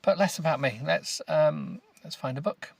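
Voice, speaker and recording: Gravelly grumbling British man. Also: on the high side, normal speed. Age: adult with children. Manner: grumbling, rambling, deadpan and self-mocking. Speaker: podcast host. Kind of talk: casual comedic podcast, reading a book aloud.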